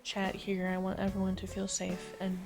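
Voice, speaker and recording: A woman with a lowered morning voice hosting a livestream, chatting casually while she plays a game, easygoing and rambling with many fillers. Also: monotone, normal speed, a little mellow, soft background music. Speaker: livestream gamer host.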